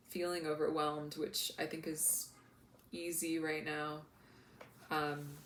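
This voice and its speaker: A woman talking in a casual, heartfelt vlog as a spiritual coach, soft and earnest with many fillers. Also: low-pitched. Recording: echoey room with faint noise.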